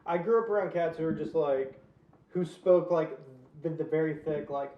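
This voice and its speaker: A man with a softened Southern American accent, talking in loose, rambling podcast chat. His voice sits a bit high for a man. The room rings around him and the sound is slightly dull. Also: normal speed, distant mic. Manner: loose and rambling, heavy on fillers. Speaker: podcast co-host. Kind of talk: casual chat. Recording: roomy, slightly muffled sound.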